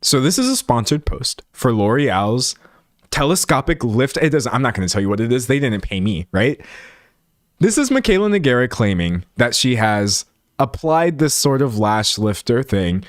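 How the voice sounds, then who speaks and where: A man's voice: medium pitch, normal speed, no echo, studio quality. A man from Texas hosting a casual stream, reading chat aloud and laughing often. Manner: animated, laughing, talks to chat. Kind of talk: casual chat reacting to videos.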